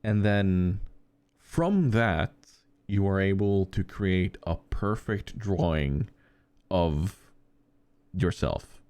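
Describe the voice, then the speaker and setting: Deep-voiced man telling rambling anecdotes. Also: lively intonation, extremely slow, long pauses, darkish tone, clear, resonant tone, no echo. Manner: rambling anecdotes with frequent fillers and restarts. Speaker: podcast co-host. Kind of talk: casual chat.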